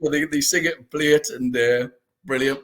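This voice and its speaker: He talks briskly in a steady, fairly bright, medium-pitched voice. Hosting a podcast, he keeps things casual, eagerly recounting anecdotes and laughing a lot.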